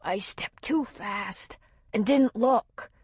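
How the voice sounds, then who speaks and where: A woman voicing a big, frightened, half-drowned man who talks in a childlike way, raspy and wheezing, short of breath. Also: high-pitched, takes it slowly, no room sound, clean studio sound, pitched above the performer's own voice, heavily acted. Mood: frightened, breathless.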